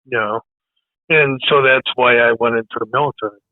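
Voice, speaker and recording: Hoarse, halting man over a tinny line. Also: medium pitch, fairly even intonation, no room sound. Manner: halting, hesitant speech. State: losing his voice. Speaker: military veteran guest. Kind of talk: casual podcast interview.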